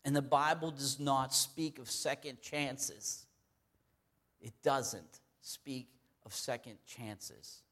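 A man's voice: medium pitch, takes it slowly, fairly bright tone. A man preaching a sermon in an earnest, emphatic manner, repeating key phrases to drive them home.

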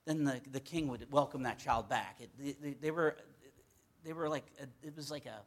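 A man's voice: medium pitch, moderate pace. A man teaching scripture in a loose, conversational sermon, often repeating words for emphasis and restarting phrases. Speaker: Bible teacher.

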